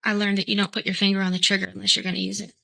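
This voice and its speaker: A woman testifying in court as the defendant, answering in halting, hesitant sentences. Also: medium pitch, completely flat delivery, vocal fry, sharp tone, rough recording.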